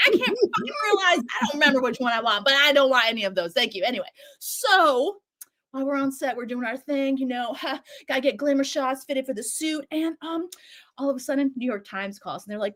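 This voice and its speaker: A woman co-hosting, recapping a show in a casual, animated way, swearing and acting out lines. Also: sits high, brisk. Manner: animated, swears a lot, acts out quotes. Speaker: show co-host recapping a series.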